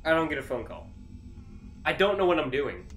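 Jumpy, lively gaming YouTuber man. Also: on the high side, a little fast, reverberant, a little hiss or hum. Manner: jumpy, shrieks and nervous laughter. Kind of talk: reacting to a VR horror game.

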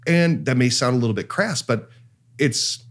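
A man's voice: mid-range voice, lively intonation, moderate pace. A man co-hosting a casual panel discussion, explaining scripture at length with many "you know"s. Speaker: podcast co-host.

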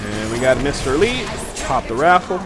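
A man's voice: medium pitch, big pitch swings, fairly quick. A tired, yawning man giving casual gameplay commentary, explaining the mechanics to viewers as he plays. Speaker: game streamer. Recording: game music playing loudly behind. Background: game music.

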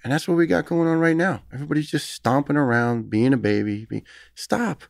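A man's voice: fairly high pitch, fairly even intonation, fast, vocal fry, dry recording, clean studio sound. A man in his fifties with a New York accent, talking earnestly and emphatically as a guest on a podcast interview. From United States. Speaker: retired firefighter guest.

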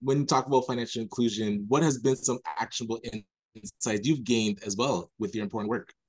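A man's voice: medium pitch, steady tone, fairly quick, breathy edge, rough recording. Encouraging male panel moderator. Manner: encouraging, affirming responses.

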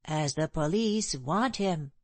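A woman voicing a humble, timid working-class widow who pleads and apologizes, raised a little above her own lower voice. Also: expressive, slow pace, a little mellow, no room sound. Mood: timid pleading. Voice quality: ungrammatical, pleading speech.

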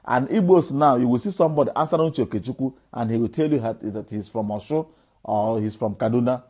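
Husky Nigerian man preaching with fire. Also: medium pitch, fast talker, darkish tone, poor audio. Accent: Nigerian Igbo. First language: Igbo. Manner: preachy, exhorting, rhetorical questions. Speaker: activist addressing followers. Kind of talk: impassioned direct-to-camera appeal.

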